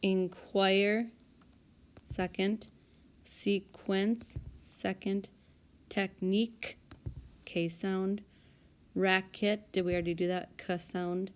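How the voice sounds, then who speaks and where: A woman teacher calmly and methodically working through a spelling list for small reading groups, correcting herself aloud now and then. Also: mid-range voice, very slow, pauses often, clean tone. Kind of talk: recorded spelling lesson walkthrough. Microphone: tablet microphone.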